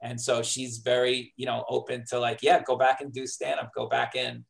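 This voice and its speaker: A middle-aged man, a comedy writer telling a story casually in an interview, lively and acting out quoted lines. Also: medium pitch, normal speed, creaky, rough recording. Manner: animated, acts out quoted dialogue.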